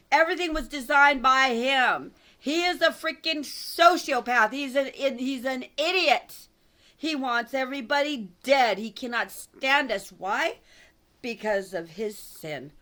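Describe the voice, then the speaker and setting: Fervent woman preaching in bursts. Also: sits high. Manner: fervent, heated, repetitive, with sudden loud outbursts. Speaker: online religious speaker. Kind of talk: impassioned preaching monologue.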